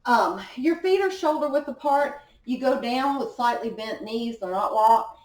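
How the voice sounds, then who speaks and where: A woman fitness instructor coaches a guided home workout, talking slowly in an expressive voice that sits on the high side. She offers encouraging cues while exercising along. The echoey indoor recording comes from a camera mic placed far from her.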